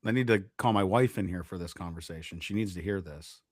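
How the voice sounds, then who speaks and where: A man co-hosting a casual podcast chat, animated and repeating himself as he talks, on a close mic. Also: low-pitched, a little fast, no room sound. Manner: animated, repeats words, trails off. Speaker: podcast co-host.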